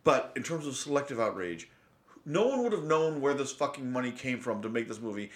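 A man hosting a casual podcast, blunt and profane. He talks in an animated way and gets worked up as he makes his point. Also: mid-range voice, brisk. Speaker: podcast host.

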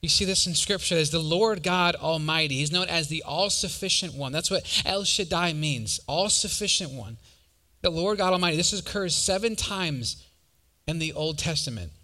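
Bright-voiced young preacher, animated and chatty. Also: male voice, on the high side, moderate pace. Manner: conversational, animated storytelling with audience questions. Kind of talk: sermon.

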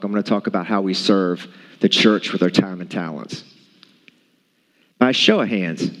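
A man preaching a sermon to a congregation, emphatic and repeating his key points. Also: fairly low pitch. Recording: long hall reverb.

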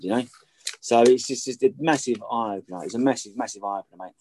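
Fast-talking blunt middle-aged man. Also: medium pitch, darkish tone, a little hiss or hum. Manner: blunt and sweary, repeats points for emphasis. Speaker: guest. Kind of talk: candid conversational storytelling.

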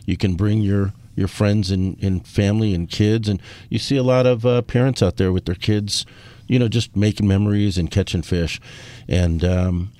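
Mellow low-voiced fishing show co-host. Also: male voice, steady tone, moderate pace, no room sound. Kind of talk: casual chat.

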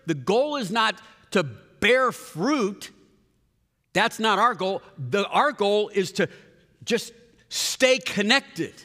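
A man delivers a conversational sermon, breaking off to restart his sentences and speaking straight to the congregation. His voice sits fairly high and sounds bright and forward. A long reverb trails behind his words, as in a large hall. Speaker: pastor.

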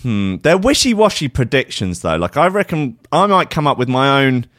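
A man's voice: mid-range voice, very animated, moderate pace, fairly bright tone, no room sound, clean studio sound. A British man hosting a podcast, delivering a sarcastic, rambling comic monologue full of fillers. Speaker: podcast host.

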